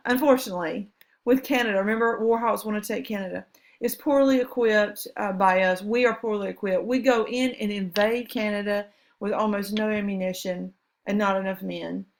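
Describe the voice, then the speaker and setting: A woman's voice: mid-range voice, creaky. A woman teaching history over slides, chatty and enthusiastic, with asides about the pictures. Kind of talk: recorded classroom lecture over slides.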